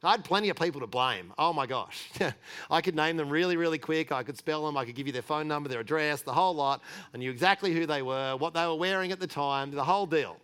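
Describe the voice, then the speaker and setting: Male pastor, middle-aged, relaxed conversational sermon, candid and chatty. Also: a little high, fast talker, clean tone. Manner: chatty and candid, with frequent restarts and light laughter.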